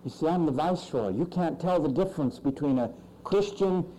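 A male pastor preaching a sermon with emphatic swings in pitch and loudness. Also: a little fast, a little hiss or hum, poor audio.

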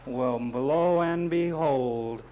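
A man's voice: mid-range voice, extremely slow, mellow, muffled recording. A man preaching as pastor, emphatic and repetitive, with folksy asides and jokes. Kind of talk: sermon.

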